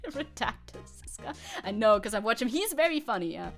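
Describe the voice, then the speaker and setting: A woman's voice: on the high side, wildly swooping pitch, faint music behind. A young woman streaming a game, chatting casually with her chat and laughing often. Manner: giggly, chatty, quick to laugh. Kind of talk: casual gameplay commentary.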